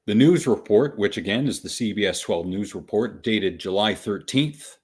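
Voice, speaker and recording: Wry man explaining slowly. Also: lowish voice, breathy edge. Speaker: podcast host. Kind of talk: casual podcast commentary.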